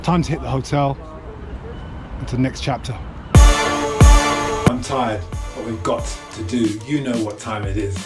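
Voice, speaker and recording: A man's voice: mid-range voice, measured pace, long pauses, loud music behind the voice. A man from East London, a vlogger and artist, chatting casually and laughing easily as he cycles through a city. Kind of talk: casual travel vlog narration. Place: outdoors cycling through a city.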